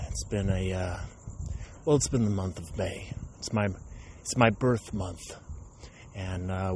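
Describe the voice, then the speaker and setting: A man's voice: lowish voice, a little hiss or hum. Rambling man with an aggressive tone. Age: 30s. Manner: self-described aggressive tone, rambling with self-corrections. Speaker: stand-up comedian hosting a podcast. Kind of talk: rambling comic monologue.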